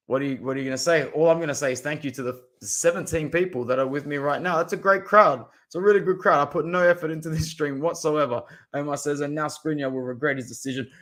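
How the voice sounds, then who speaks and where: A young Australian man from Southwest Sydney, ranting in casual live-stream chat as a football fan streamer, swearing and saying bro. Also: on the high side. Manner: animated, swearing, ranting, calls viewers bro.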